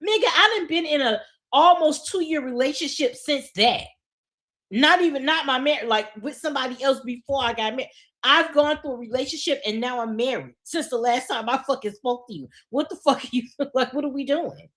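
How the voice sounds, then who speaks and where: A woman's voice: high-pitched, normal speed. Blunt, profane woman podcast host. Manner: blunt, profane, laughing at her own stories; animated venting. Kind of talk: casual chat.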